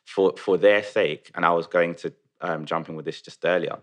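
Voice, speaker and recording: Very deep-voiced young man, upbeat. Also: fairly even intonation, moderate pace. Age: 20s. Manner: upbeat, rambling, many "you know"s. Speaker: young newspaper journalist. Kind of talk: casual round-table chat. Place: kitchen table.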